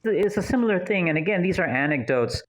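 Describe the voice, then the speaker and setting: A man's voice: sits high, lively intonation, fast talker, low-quality recording. A man giving casual audio commentary in an earnest, rambling way, full of anecdotes.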